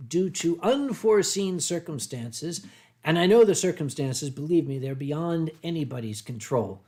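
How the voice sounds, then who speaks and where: A middle-aged man with a Philadelphia accent, chatting casually on a livestream and reading viewer comments, often clearing his throat and restarting sentences. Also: a little high, darkish tone. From United States. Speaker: streamer reading chat.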